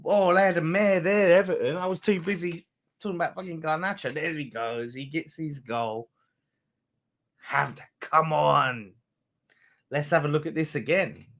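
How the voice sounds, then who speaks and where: A man hosting a live fan watchalong of a football match, talking excitably to his viewers, swearing freely and bantering as the play unfolds. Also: a little high, moderate pace. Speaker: fan channel host.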